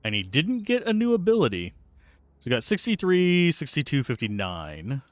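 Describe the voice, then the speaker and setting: With a slightly high voice whose pitch swoops wildly, a man chats at normal speed while livestreaming a video game from his home desk. His commentary is rambling and casual, with occasional swearing when he gets annoyed. He uses a close earbud mic at a PC, and there's no echo.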